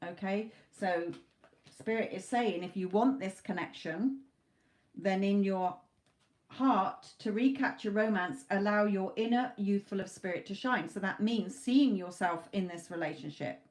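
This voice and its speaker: Doing a live tarot reading, a woman speaks in a medium-pitched, darkish voice at a moderate pace. Her talk comes in loose, conversational chunks, with many restarts.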